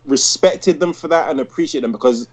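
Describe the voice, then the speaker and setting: A man's voice: on the high side, a little fast, a crowd in the background. A man in his thirties, chatting casually as a podcast co-host and telling long, rambling stories full of "like". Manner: rambling storyteller, heavy use of "like". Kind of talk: casual chat.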